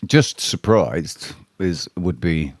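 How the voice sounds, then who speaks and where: Speaking slowly in a low-pitched, animated voice, this man rambles through a casual livestream, cursing freely and addressing his chat directly. There's no echo on the audio.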